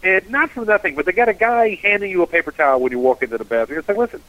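A man, a cab driver, telling animated stories and acting out dialogue in casual radio chat. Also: high voice, rapid-fire, dry recording, lo-fi sound. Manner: storytelling, animated, acts out dialogue.

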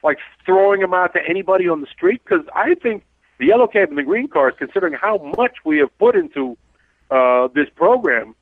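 A man's voice: high-pitched, animated, brisk, no echo. A man, a cab driver hosting a talk radio show, blunt and rambling as he tells stories. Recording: tinny phone-like dry sound.

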